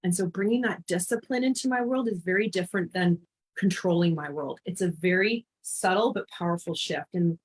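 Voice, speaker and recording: A woman's voice: fairly low pitch, brisk. A woman in her thirties from Canada, a life and business mentor speaking as a guest in a podcast interview, earnest and heartfelt.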